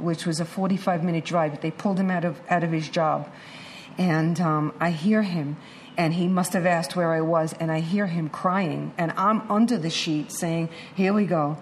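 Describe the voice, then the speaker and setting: A woman's voice: lowish voice, slight background noise. A middle-aged woman giving a candid personal testimony to an audience, acting out the voices she quotes. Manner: candid, animated storytelling with acted-out quotes. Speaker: speaker sharing a recovery story.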